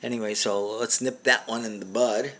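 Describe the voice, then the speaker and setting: A middle-aged man hosting a comedy show, telling a rambling deadpan monologue full of fillers and restarts. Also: lowish voice, moderate pace, slight background noise.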